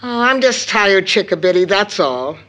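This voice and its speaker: A woman playing a tired, proper middle-aged mother who gently scolds her daughter in a stage play reading. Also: medium pitch, animated, normal speed, lightly acted, poor audio. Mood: weary. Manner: reproving, prim.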